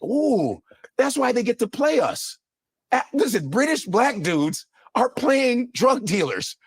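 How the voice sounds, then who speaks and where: Man, casual podcast chat, high voice, big swings in pitch, profane and animated, dry close sound. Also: takes it slowly, slightly rough, dry recording. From raised in the US.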